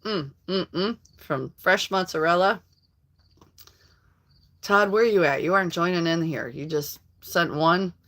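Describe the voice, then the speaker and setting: A woman's voice: fairly low pitch, measured pace, a bit bright. A middle-aged woman hosting a casual live stream, chatting with viewers by name and laughing often. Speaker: livestream host reading viewer comments.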